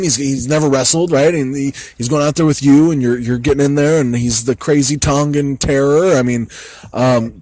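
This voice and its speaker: A man hosts a casual podcast interview, asking his guest loose questions. His voice sits at an ordinary pitch and sounds dry and close to the mic. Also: no room sound. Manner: relaxed, prompting questions, laughs along. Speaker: podcast host.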